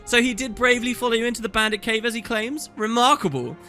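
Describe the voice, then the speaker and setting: A man's voice: very high-pitched, fairly even intonation, fast talker, sharp tone, soft background music, voice pushed up. A man voicing a prim, posh young noblewoman who speaks formally and breathily.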